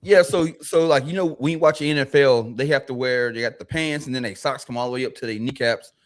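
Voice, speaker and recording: A man, co-hosting a casual podcast, animated and swearing freely while he stumbles through restarts. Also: medium pitch, fast talker. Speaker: podcast co-host.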